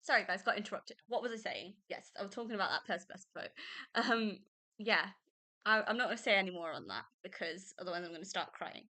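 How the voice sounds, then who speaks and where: A woman's voice: medium pitch, quick pace, pushed and bright. A young woman hosting a podcast, chatting casually and emotionally about a book she loves, often laughing. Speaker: podcast host. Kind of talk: casual book review chat.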